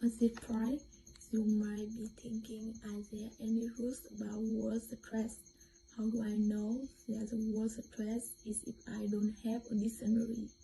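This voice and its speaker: Slow, dark-voiced young woman with a Vietnamese accent. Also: a little high, monotone, vocal fry, slight background noise, rough recording. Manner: careful, halting reading with restarts. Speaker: student presenter. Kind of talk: reading a class presentation.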